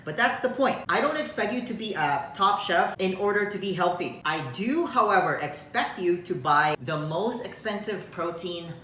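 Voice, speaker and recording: A man's voice: sits high, expressive, moderate pace, hardly any pauses, pushed and bright. A man talking casually to the camera as a fitness coach, upbeat and direct with a joking streak. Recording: echoey room with faint noise.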